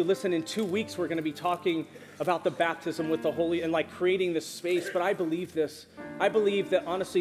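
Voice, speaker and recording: A man delivering a sermon from the stage, his slightly high voice animated and emphatic. The sound carries a long reverb from a church auditorium, with soft instrumental music underneath. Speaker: pastor. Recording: reverberant hall with music behind.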